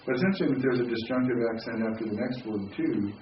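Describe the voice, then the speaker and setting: A man teaching Hebrew grammar in a classroom, relaxed and thinking aloud as he questions his students. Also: mid-range voice, fast. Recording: roomy, distant, dull classroom recording with faint hiss.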